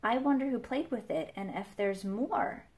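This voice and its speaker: A woman's voice: fairly high pitch, normal speed, a little mellow, natural voice. A woman voicing a fussy little boy who is afraid of getting dirty, in a read-aloud picture book. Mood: excited.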